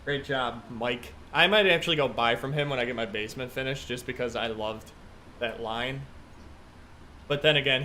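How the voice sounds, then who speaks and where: A man's voice: mid-range voice, bright, forceful tone, a little hiss or hum. Chatty male flight sim streamer. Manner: chatty, thinking aloud through checklists. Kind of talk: casual live-stream commentary.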